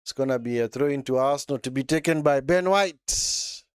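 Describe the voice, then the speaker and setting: A man's voice: medium pitch, moderate pace, clear, resonant tone, dry recording, studio quality. A man giving casual live football commentary during a watchalong, chatty and reacting as he goes, often tagging sentences with short asides. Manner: chatty, frequent tag words like man and eh.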